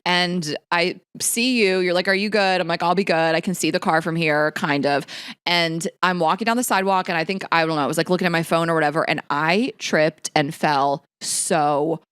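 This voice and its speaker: A woman's voice: lowish voice, fairly even intonation, moderate pace, fairly bright tone, smooth, no room sound, studio quality. A woman co-hosting a podcast, telling a story in casual chat, chatty and laughing as she goes, swearing freely. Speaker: podcast co-host.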